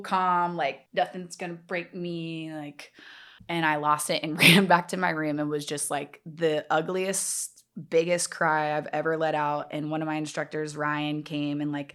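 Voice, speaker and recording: A woman's voice: sits low, flat delivery, unhurried, a bit bright. A young woman, a yoga trainer, telling her story candidly as a podcast guest, rambling with lots of fillers. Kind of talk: casual interview storytelling.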